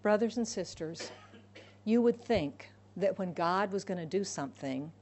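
A woman preaching a sermon to a congregation, animated, acting out voices of God and Moses. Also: medium pitch, unhurried, slight background noise.

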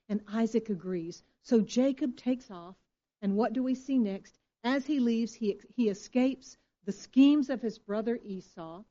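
A woman's voice: on the high side, normal speed, dark tone. A woman pastor preaching a sermon with emphatic delivery and frequent rhetorical questions. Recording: dull lo-fi recording.

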